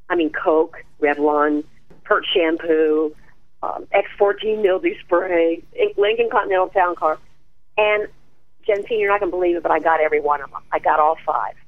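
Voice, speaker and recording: A woman guest, an actress and speaker, telling her life story in an animated way and laughing often. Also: on the low side, normal speed, no echo. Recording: tinny dry phone line.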